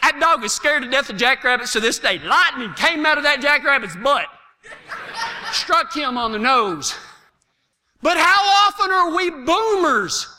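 A man preaching a sermon, telling stories and swinging from quiet asides to shouting. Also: extremely high pitch, a little slow, long reverb tail. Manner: animated storytelling, swings from hushed to shouting. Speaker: pastor.

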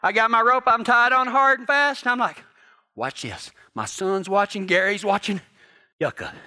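Bright, high-voiced folksy cowboy preacher. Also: male voice, normal speed, smooth. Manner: folksy, drawling, swings between hushed and loud. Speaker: cowboy church pastor. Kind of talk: sermon with folksy ranch storytelling.

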